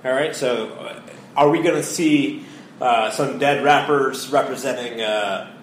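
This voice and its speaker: A man from Connecticut trades playful, excitable banter as a podcast co-host. The room echoes noticeably around him, with a faint hiss underneath. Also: mid-range voice, a little slow. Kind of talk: casual sports and music banter. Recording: roomy echo, faint background hiss.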